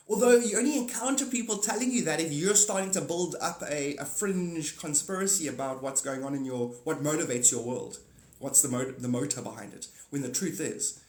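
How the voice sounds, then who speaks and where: A man's voice: mid-range voice, a little mellow. A man streaming live, rambling through a spiritual monologue, laughing often and slipping into little acted-out skits. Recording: roomy echo.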